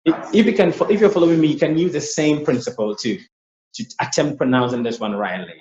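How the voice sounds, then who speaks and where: A man on the high side, fast-talking with a darkish tone, teaches English pronunciation online while sharing his screen. He explains patiently and repeats himself frequently, and the audio is roomy, dull, and lo-fi.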